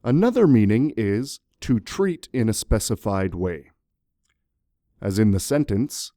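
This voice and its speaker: Male English teacher, playful and animated, slow and mellow. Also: lowish voice, no room sound, studio quality. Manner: jokey, animated, talks to viewers. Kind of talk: playful scripted grammar lesson.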